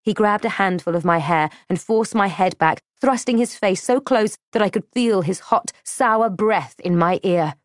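A woman reads a first-person story with measured, dramatic pacing. Her voice sits at a middling pitch. The recording is close and dry. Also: no room sound. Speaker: audiobook narrator. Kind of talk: scripted first-person narration.

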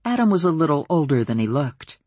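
Husky woman reading a novel aloud. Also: sits low, a little fast, no room sound. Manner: wry, expressive storytelling with lively voiced dialogue. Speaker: audiobook narrator. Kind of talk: first-person novel narration.

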